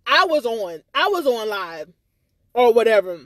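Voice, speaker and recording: A woman's voice: a little high, very animated, unhurried, fairly bright tone, dry recording. A woman in a casual live-stream rant, agitated and rambling, repeating herself and swearing, with speech. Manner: swears freely, stammers on restarts. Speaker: livestreamer.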